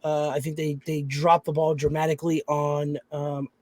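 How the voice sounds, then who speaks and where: Male co-host, a bit high-pitched, easygoing and agreeable, dry mic. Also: monotone, normal speed, a little mellow, no echo. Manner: agreeable, many short affirmations. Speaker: podcast co-host. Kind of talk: casual chat.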